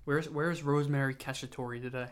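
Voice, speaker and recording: A man's voice: mid-range voice, steady tone, a little fast. A young man hosting a solo podcast, rambling through loose tangents with lots of fillers and restarts, tired and self-mocking. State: tired, yawning. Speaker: podcast host.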